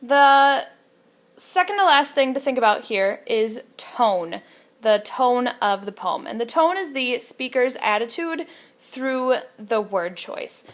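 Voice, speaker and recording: A woman's voice: on the high side, lively intonation, measured pace. A young woman teacher explaining terms to students in a casual lecture, with many fillers. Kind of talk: recorded classroom lecture.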